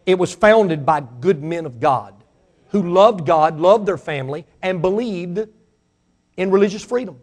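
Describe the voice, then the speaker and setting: A pastor with a Mississippi Southern accent preaching a sermon, his voice swelling to fiery shouts and then falling to a hushed prayer. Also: high voice, expressive, measured pace. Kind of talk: sermon with altar call.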